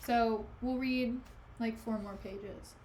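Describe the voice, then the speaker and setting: A woman's voice: fairly high pitch, fairly even intonation, takes it slowly, a little mellow, a little hiss or hum. A young woman streamer reading a play aloud and chatting sarcastically about it in slang.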